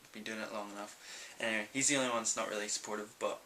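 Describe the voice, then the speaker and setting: A man's voice: on the low side, fairly even intonation, rapid-fire, sharp tone, a little hiss or hum, poor audio. A young man with a Northern Irish accent, answering viewer questions in a casual, rambling vlog full of ums. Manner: chatty and rambling, many ums. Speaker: vlogger.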